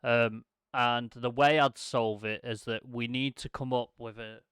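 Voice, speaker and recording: A man's voice: mid-range voice, fairly even intonation, unhurried, fairly bright tone, smooth, dry recording, studio quality. A man co-hosting a casual podcast chat over whiskey, sweary and joking as he rambles off the cuff. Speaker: podcast co-host. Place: home studio streaming live.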